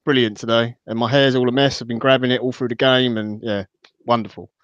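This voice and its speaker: A man who is a guest on a podcast, giving casual football analysis in a measured way with many fillers. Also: medium pitch, steady tone, fairly bright tone, dry recording. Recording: dull, dry lo-fi audio.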